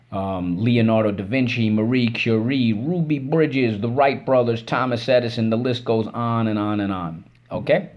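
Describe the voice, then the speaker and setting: A man's voice: medium pitch, darkish tone, highs cut off. A man teaching a spelling and phonics lesson, encouraging and repeating each word for students to say back.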